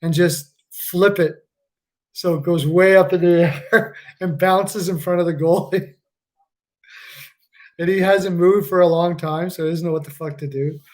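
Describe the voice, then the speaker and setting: Laughing, high-voiced man reacting live. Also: steady tone, unhurried. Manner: laughs a lot, swears, loose and joking. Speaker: live stream host. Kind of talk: casual live game reaction commentary.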